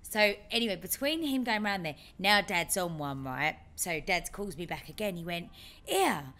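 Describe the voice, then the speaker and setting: Animated woman telling a story. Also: lowish voice, moderate pace. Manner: animated storyteller, acts out her dad's lines. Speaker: podcast co-host. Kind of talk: casual chat, storytelling.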